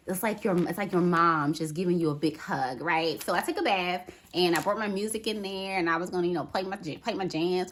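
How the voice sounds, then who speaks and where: A woman talking casually to camera as a vlogger, chatty and animated, peppering her talk with "okay" and "right". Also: lowish voice. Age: adult with a daughter.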